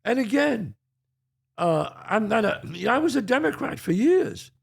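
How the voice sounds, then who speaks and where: An older American man rants on his own show in a high, gravelly voice that swings widely up and down. He is emphatic and profane, hammering his points with rhetorical questions. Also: big pitch swings, moderate pace. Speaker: podcast host. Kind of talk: heated solo monologue.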